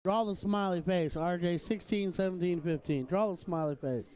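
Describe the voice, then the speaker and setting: A man's voice: high voice, normal speed, darkish tone, clear, resonant tone. A man co-commentating live on darts in an easygoing, bantering way.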